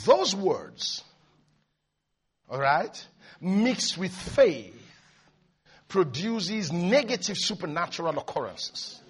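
A male pastor delivering an energetic televised sermon, swinging from hushed to shouting. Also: sits high, takes it slowly, pauses often, husky.

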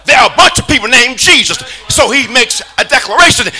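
A man preaching a call-and-response sermon in a church, shouting and singing his phrases. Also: very high-pitched, lively intonation, a little fast, soft background music, a faint crowd, rough recording. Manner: shouting, sing-song preaching cadence.

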